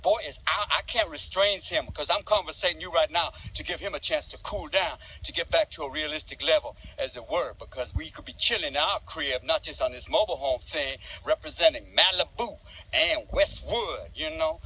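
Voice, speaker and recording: A man's voice: on the high side, brisk, sharp tone, slightly rough, poor audio. An actor playing a middle-aged man rambling in put-on street slang in a comedy film scene. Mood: goofy. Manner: rambling, jokey slang patter.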